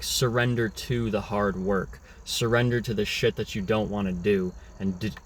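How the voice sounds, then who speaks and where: A young man talking through a casual, rambling reflective monologue, often restarting his words. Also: on the low side. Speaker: vlogger.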